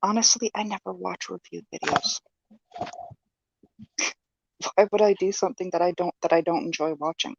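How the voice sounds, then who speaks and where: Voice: mid-range voice, normal speed, gravelly, pauses often, muffled recording, noisy background. A YouTuber in a casual stream conversation, repeating words as they get going. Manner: repeats words, laughs easily. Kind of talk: casual chat on a live stream.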